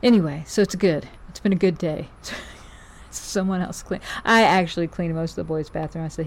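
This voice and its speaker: Chatty middle-aged woman, low voice. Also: normal speed. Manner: chatty, rambling, self-correcting. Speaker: vlogger. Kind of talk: casual chat to viewers.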